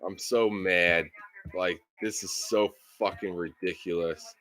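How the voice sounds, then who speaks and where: A man's voice: sits low, fairly even intonation, unhurried, a bit bright. A man live streaming a football game, ranting and swearing in frustration at his team's play.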